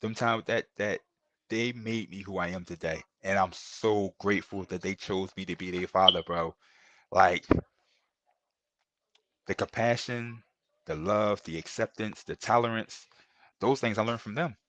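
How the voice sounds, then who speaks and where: A man's voice: lowish voice, a little slow, long pauses, pushed and bright. A middle-aged man, a podcast guest, telling earnest and emotional stories in a casual interview, often repeating himself and calling the host bro.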